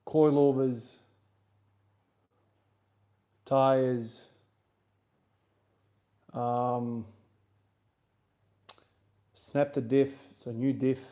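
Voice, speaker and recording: With drawn-out words and long pauses, a South Australian man with an Australian accent chats on a livestream during breaks between gym sets. The streamer and lifter has a medium pitch and answers his chat in a loose, relaxed, rambling way.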